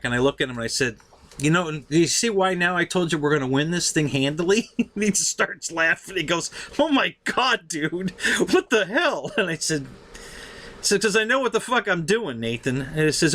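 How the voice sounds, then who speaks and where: Bright-voiced man telling a story. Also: on the high side. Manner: laughs often, swears casually, acts out quotes. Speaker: show host telling a story. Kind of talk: casual storytelling.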